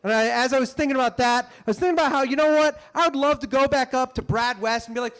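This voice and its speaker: Animated man telling a stand-up story. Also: very high voice, quick pace, hardly any pauses, clear, resonant tone. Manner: animated, swings to loud shouted bits. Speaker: comedian.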